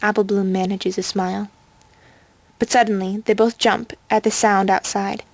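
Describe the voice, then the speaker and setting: A woman narrating a fan-written story in a calm, measured way on a close home mic. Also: mid-range voice, no room sound. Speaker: audiobook reader.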